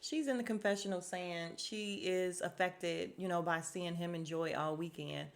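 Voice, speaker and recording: A woman's voice: fairly low pitch, steady tone, moderate pace. A young woman from Chicago hosting a podcast, giving a blunt, sassy recap of a reality dating show and talking straight to her listeners. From Chicago, USA. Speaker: podcast host.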